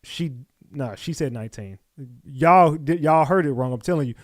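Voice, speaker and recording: A man's voice: on the high side, moderate pace, dry recording, studio quality. A man hosting a reaction stream who speaks bluntly and profanely and keeps insisting on his point to his chat. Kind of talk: casual reaction commentary.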